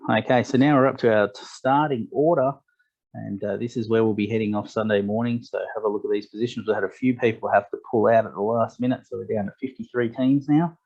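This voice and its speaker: A man delivers a fishing tournament briefing in a low voice. He reads the rules and lists in a matter-of-fact way, with small fillers along the way. The audio is dull and lo-fi. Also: a little mellow. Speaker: tournament director.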